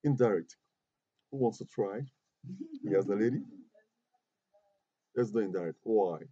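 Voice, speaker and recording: In a muffled lo-fi classroom recording with no room sound, a man from Côte d'Ivoire teaches English grammar. His low, dark, slightly rough voice is unhurried as he patiently repeats himself and questions the students.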